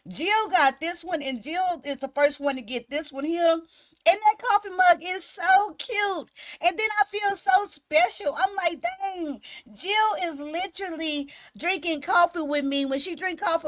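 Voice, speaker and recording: A woman hosting a casual livestream, chatting with viewers in a giggly, animated way. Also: high voice, no room sound. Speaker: livestream host. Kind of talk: casual live-stream chat.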